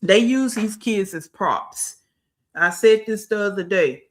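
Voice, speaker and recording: A woman's voice: mid-range voice, slow pace. Give me a blunt woman commentator on a livestream, scolding and chatting with viewers. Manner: blunt, scolding, repeats phrases for emphasis; greets and talks to live chat.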